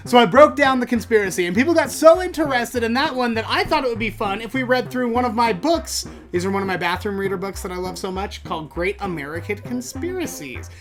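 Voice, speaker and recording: Animated man telling a funny story. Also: fairly quick, few pauses, faint music behind. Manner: animated, jokey, rises in pitch when excited. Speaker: podcast host. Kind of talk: comic storytelling.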